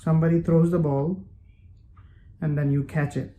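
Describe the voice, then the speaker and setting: Quick-talking man. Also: a little high, little pitch movement, warm tone, a little hiss or hum. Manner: explains phrases by repeating them slowly, switching into Bengali. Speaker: English teacher. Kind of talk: casual language lesson.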